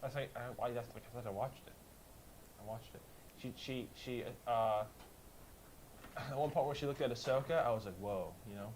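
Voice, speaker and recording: A man co-hosting a casual podcast, retelling a show in a rambling, animated way and slipping into quick voices. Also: medium pitch, low-quality recording. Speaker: podcast co-host. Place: house with a kitchen fan running. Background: faint fan hum.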